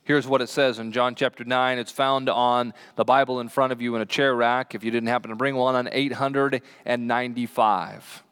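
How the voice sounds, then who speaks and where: A man's voice: mid-range voice, little pitch movement, normal speed, hardly any pauses, fairly bright tone, clean tone. A man preaching a sermon as a pastor in a church, chatting and asking the congregation questions. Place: church sanctuary.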